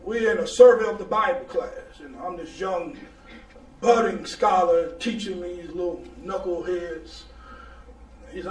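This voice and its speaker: High-voiced preacher shouting in echoey church. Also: male voice, unhurried. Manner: storytelling, builds to shouted call-and-response preaching. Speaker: pastor. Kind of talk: sermon. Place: church sanctuary. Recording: echoey church, mic at a distance. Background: congregation answering aloud.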